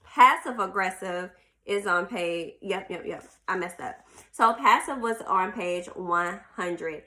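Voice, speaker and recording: Lady hosting a podcast, clear bright voice, chatty, reading bits of a book and talking to y'all. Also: medium pitch, slow pace. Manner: chatty, addresses listeners as y'all, reads passages aloud. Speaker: podcast host. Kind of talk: casual chat reading from a self-help book.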